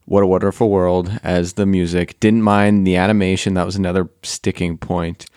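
Deep-voiced man in casual chat. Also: flat delivery, moderate pace, a little mellow, smooth, no echo, clean studio sound.

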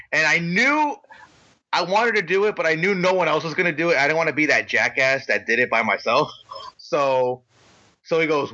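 A man co-hosting a podcast, telling an animated story in a casual, excitable, slangy way. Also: on the high side, moderate pace, dull audio. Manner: excitable, slangy, retells with quoted voices. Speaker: podcast co-host.

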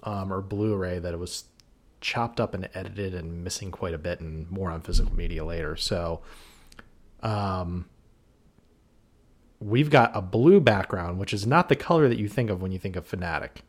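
A man's voice: low voice, normal speed. A man co-hosting a podcast, chatting casually and joking with a rambling delivery and many fillers. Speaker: podcast co-host. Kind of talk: casual chat.

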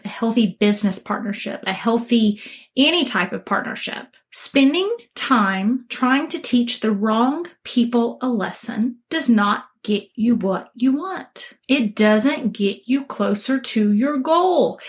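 Earnest woman giving advice, slightly high voice. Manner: earnest, emphatic, acts out quoted voices. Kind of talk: motivational talk to camera.

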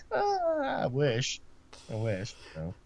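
A man's voice: medium pitch, wildly swooping pitch, drawn-out words, gravelly, no echo. A man co-hosting a podcast, giving a casual, rambling play-by-play recap of a wrestling match and laughing often. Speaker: podcast co-host.

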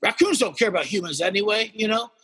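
A man telling a wild story in casual podcast chat, animated and swearing heavily as he acts out the characters. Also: sits high, quick pace, slightly rough, in a large hall. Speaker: guest storyteller.

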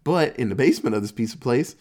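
A man in casual chat, telling a movie plot with lively energy. He jumps into quick mock voices for the characters, swears freely and laughs at the gory parts. His voice sits in a middle range. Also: mid-range voice. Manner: animated storytelling, acts out quotes, swears, laughs.

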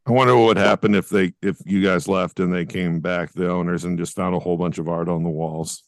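A man's voice: deep voice, fairly even intonation, brisk, no room sound, clean studio sound. A man co-hosting a casual chat podcast, laid-back and blunt, swearing freely. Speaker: podcast co-host.

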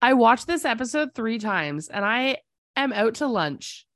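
A woman co-hosting a podcast, recapping a TV episode in casual chat, excitable and quick to exclaim, laughing mid-sentence. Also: a little high, dry recording, clean studio sound. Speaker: podcast co-host.

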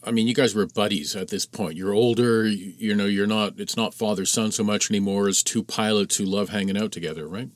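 Low-voiced encouraging podcast host. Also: male voice, steady tone, fairly quick, few pauses, dry recording. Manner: encouraging, with many brief affirmations. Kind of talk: interview questions.

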